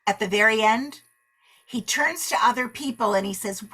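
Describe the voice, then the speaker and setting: A woman leading a book club discussion, animated and acting out the characters' lines as she retells the story. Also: fairly high pitch, normal speed, slightly rough.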